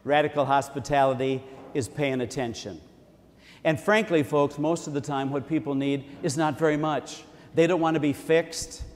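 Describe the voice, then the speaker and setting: A man's voice: a little high, fairly even intonation, normal speed, big-room sound. A man preaching a sermon in a church in a conversational tone, repeating key phrases for emphasis.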